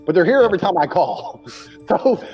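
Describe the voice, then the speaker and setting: A man's voice: high-pitched, sing-song, moderate pace, breathy edge, lo-fi sound, faint music behind. A man talking bluntly and crudely, hammering his points by repeating them. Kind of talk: casual talk.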